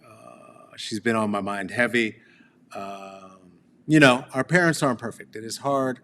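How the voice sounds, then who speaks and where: A man hosting a reflective storytelling monologue outdoors beneath a tree, talking slowly with wandering asides and fillers. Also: on the low side, animated, a bit bright. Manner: slow, wandering, with laughs and fillers. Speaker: host.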